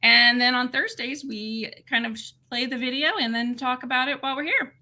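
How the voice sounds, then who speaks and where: A woman's voice: sits high, fairly quick, pushed and bright. A woman co-hosting a casual livestream, bubbly and laughing, greeting viewers by name. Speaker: livestream co-host.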